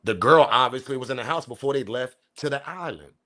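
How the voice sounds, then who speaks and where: A man hosting a commentary video, ranting about the news with profanity and loud emphatic bursts. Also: mid-range voice, brisk. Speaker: commentary channel host.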